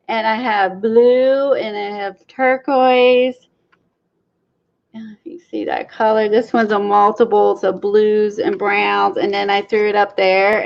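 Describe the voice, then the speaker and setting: A woman hosting a craft livestream, chatting excitedly to her viewers as she works. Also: mid-range voice, creaky. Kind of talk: casual livestream demo chat. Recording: dull lo-fi livestream audio.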